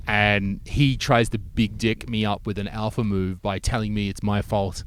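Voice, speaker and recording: A man's voice: lowish voice, normal speed, a little hiss or hum. A man, telling a long story in casual chat, swearing freely and acting out what people said. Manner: animated storyteller, swears freely, acts out quotes.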